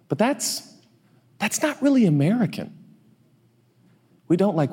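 A man's voice: high-pitched, big pitch swings, a little slow, long pauses, darkish tone, husky. A man preaching a sermon in a loose, joking way, acting out little dialogues. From US Northwest. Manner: conversational, jokey, acts out little dialogues. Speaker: pastor. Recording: long reverb of a large hall.

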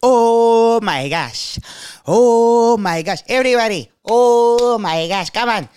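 A man putting on the voice of a club owner hyping up a crowd, stretching each shout out long. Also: very high-pitched, animated, slow, clean tone, dry recording, clean studio sound, pitched above the performer's own voice, full character voice. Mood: hyped. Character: loud hype-man club owner, adult man.

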